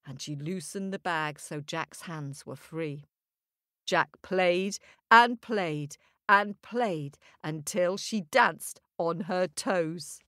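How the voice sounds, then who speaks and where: Slow, animated woman telling a kids' story. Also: on the low side. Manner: animated, sing-song. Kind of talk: children's story narration with song.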